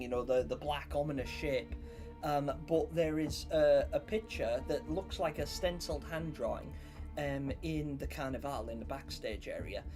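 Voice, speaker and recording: A young man hosts a casual live stream, rambling through stories and greeting viewers by name. His voice sits a touch higher than most men's. Faint music plays quietly under the chat. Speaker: livestream host.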